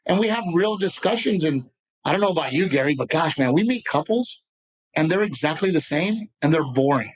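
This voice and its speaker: Passionate, animated man, slightly high voice. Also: fairly quick, breathy edge, rough recording. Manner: passionate, rambling, animated storyteller. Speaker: comedian guest. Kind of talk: casual podcast interview.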